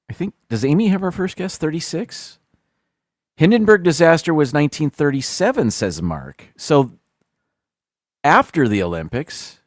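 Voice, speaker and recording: A man's voice: medium pitch, no echo, clean studio sound. A man hosting a casual live stream, thinking aloud and reading out viewers' guesses.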